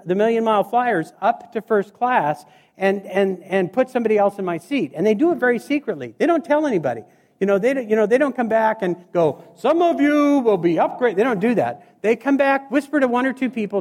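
High-pitched guy doing comedy stories, acts out all the voices, big echoey hall. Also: fairly quick. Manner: animated, acts out voices and scenes. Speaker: stand-up comedian. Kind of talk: storytelling stand-up comedy. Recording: reverberant hall.

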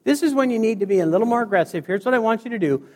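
A man doing storytelling stand-up comedy, animated and acting out the people in his stories. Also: sits high, rapid-fire. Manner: animated, acts out voices and scenes. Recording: reverberant hall.

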